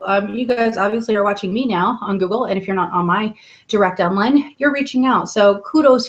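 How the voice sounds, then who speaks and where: A woman's voice: medium pitch, muffled recording. A woman hosting a weekly live video hangout from home at night, chatting in an upbeat way with many ums. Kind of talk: casual live webcam talk. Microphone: laptop webcam mic.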